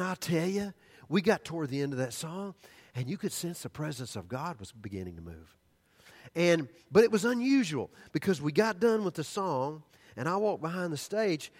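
An older man preaching a sermon, telling stories animatedly and then dropping to hushed, earnest tones. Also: a little high. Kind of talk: sermon storytelling.

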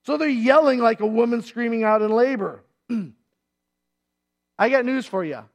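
A middle-aged man with a fairly high voice preaches to a congregation. He retells the story in an animated, conversational way and now and then acts out the shouts and lines of the people in it. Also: unhurried. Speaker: pastor. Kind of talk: sermon.

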